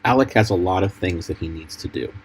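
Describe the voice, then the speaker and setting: Husky low-voiced man explaining edits. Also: lively intonation, rough recording. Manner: explanatory, measured. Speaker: film editor. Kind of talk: commentary over film clips.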